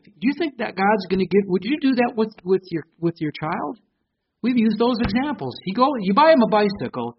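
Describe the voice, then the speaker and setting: Animated preaching man, high voice. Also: muffled recording, a little hiss or hum. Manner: animated preaching, swings between loud emphasis and quiet asides. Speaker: pastor. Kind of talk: sermon.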